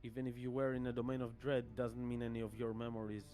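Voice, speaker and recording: A man voicing a proud, skeptical male relative in a tabletop game, speaking in a measured, lecturing way. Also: medium pitch, completely flat delivery, dark tone, soft background music, lightly acted. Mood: stern lecturing. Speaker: game master.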